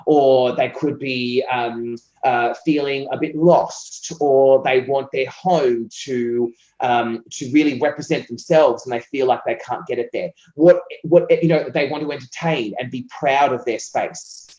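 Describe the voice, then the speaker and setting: A man's voice: mid-range voice, measured pace, few pauses, darkish tone. Passionate, talkative Australian man on a dull roomy line. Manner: passionate, talkative, acts out client quotes. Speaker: copywriter being interviewed. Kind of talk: casual interview conversation.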